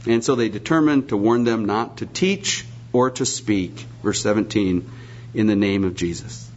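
A man's voice: fairly low pitch, normal speed, a little mellow, a little hiss or hum. A man preaching a sermon, emphatic and repetitive, posing rhetorical questions, in a dull lo-fi recording.

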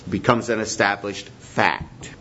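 A man's voice: on the low side, a little slow, sharp tone, slight background noise. A man preaching a sermon in a teacherly way, repeating his key points for emphasis. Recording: dull lo-fi recording.

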